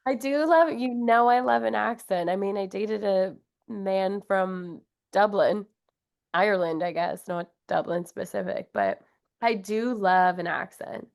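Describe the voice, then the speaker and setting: A young woman chatting on a podcast in a slow, unhurried way. She sounds upbeat and giggly and uses plenty of filler words. Her voice sits at a middle pitch. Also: creaky. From Wisconsin. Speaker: podcast guest. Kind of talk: casual chat.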